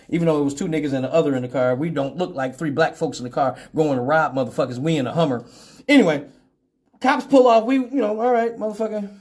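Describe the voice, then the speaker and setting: A man hosting a live show, from Detroit, telling profane stories with animated voices for each person in them. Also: fairly high pitch, fairly quick. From Detroit, Michigan. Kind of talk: casual storytelling.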